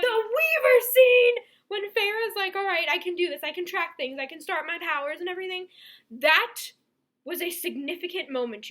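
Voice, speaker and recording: A young woman giving an excited, rambling book review to her viewers, gushing with many asides. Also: high-pitched.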